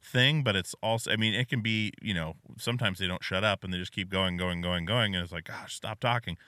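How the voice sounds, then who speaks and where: A man hosting a podcast, telling family stories in a relaxed, amused way. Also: sits low, quick pace, no room sound. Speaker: podcast host. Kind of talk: casual conversation.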